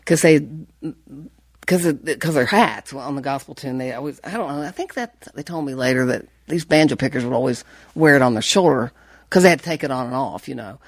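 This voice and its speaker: Interview guest: low-pitched woman, chatty and animated, dry close sound. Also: a little fast, slightly rough, no room sound. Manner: animated, laughing, rambling with restarts. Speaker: banjo player, interview guest. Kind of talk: casual storytelling.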